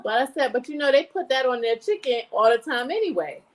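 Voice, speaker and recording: A fairly high-voiced woman with a New York accent softened by years in Virginia, chatting casually on a podcast. She tells a story with lots of energy and jumps up high when she acts out other people. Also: expressive, a little fast, few pauses, rough recording. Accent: New York mixed with Virginian. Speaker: podcast co-host.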